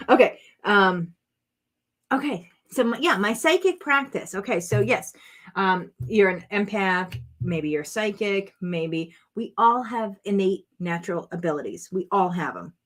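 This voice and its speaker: A woman's voice: mid-range voice, animated, measured pace, fairly bright tone. Chatty woman crafting vlog host. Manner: chatty, rambling, talks to viewers and her dog. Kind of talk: casual chat while crafting.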